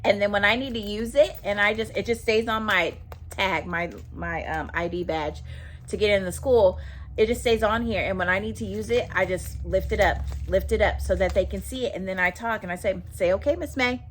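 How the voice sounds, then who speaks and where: A woman's voice: mid-range voice, moderate pace, slight background noise. A teacher giving casual, emphatic classroom advice to other teachers and repeating her points. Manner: emphatic, repeats herself, talks straight to viewers.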